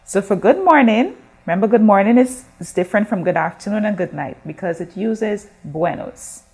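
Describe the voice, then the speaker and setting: A woman's voice: medium pitch, animated, darkish tone. A woman teaching a recorded school language lesson, patiently drawing out words for learners to repeat and asking questions of the class. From Guyana. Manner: slow, drawn-out modeling of words for repetition. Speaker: Spanish teacher.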